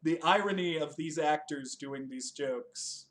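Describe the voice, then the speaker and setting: A man's voice: fairly high pitch, measured pace, fairly bright tone, a little hiss or hum. A young man hosting a casual chat, joking, swearing freely and laughing often as he reviews a TV special. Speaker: podcast host.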